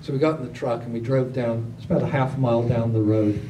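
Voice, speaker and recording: A man with a very dark, mid-range voice talks fast as he tells stories casually at a gathering. He's animated and acts out other people's lines in raised voices. The recording sounds roomy, with a distant mic and faint background noise.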